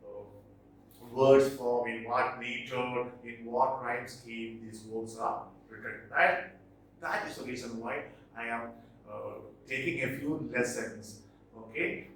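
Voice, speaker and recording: A man teaching English literature in a recorded lecture, explaining terms slowly and repeating key points. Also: mid-range voice, steady tone, a bit bright, slight background noise. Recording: very echoey room, mic at a distance.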